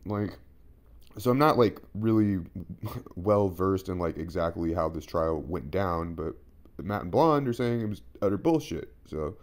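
A man's voice: sits low, expressive, a little slow. A man casually reacting to a podcast clip, rambling and swearing with exasperation.

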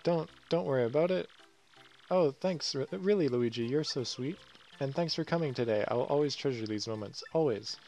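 A man voicing a young girl fan who gushes with squealing, breathless excitement. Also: mid-range voice, moderate pace, faint music behind, voice pushed up, natural voice. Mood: dramatic.

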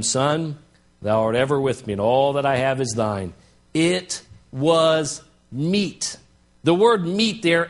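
Male pastor, high voice, preaching sermon in church; dramatic swings between quiet and shouting. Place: church sanctuary.

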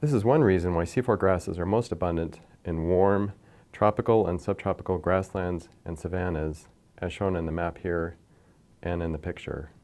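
Deep-voiced man giving a science lecture. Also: fairly even intonation, darkish tone. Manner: measured, explanatory, pointing to figures. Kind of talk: scripted science lecture over slides.

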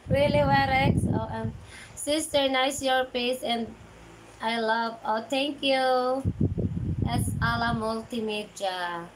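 A woman's voice: fairly high pitch, takes it slowly, pauses often. A Filipina woman with a Filipino accent, hosting a casual livestream, greeting viewers by name and reading their chat aloud in English mixed with Tagalog. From Philippines. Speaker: livestream host. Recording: loud background noise.

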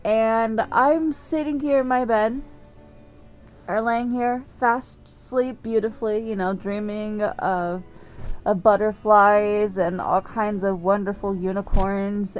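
A woman's voice: mid-range voice, fairly even intonation, slow, soft background music. A young woman chatting casually to her vlog camera, rambling and giggly with lots of filler words. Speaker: vlogger.

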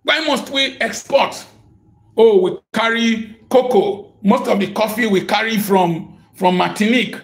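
Impassioned high-voiced male preacher. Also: a little slow. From Africa. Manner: impassioned, rhetorical questions, sudden shouts. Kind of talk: sermon.

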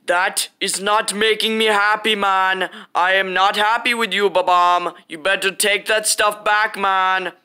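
A man's voice: high-pitched, steady tone, a little slow, hardly any pauses, bright, forceful tone, clean tone, pitched above the performer's own voice, full character voice. A man voicing a hot-tempered young man who is touchy about his looks, whining and complaining in a homemade comedy skit. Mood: aggrieved. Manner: whiny, aggrieved, repeats "man".

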